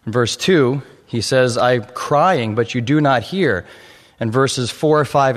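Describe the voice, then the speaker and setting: A male preacher expounding a psalm, his mid-range voice steady and measured before it climbs into fervent emphasis. The sound carries a long reverb, as if the sermon fills a large hall. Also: mid-range voice.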